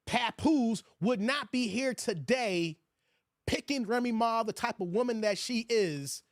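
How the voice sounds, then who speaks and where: A man hosting a livestream, giving loud, crude commentary and reading out his chat. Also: very high voice, a little slow, no room sound, studio quality. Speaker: host of a livestream commentary show.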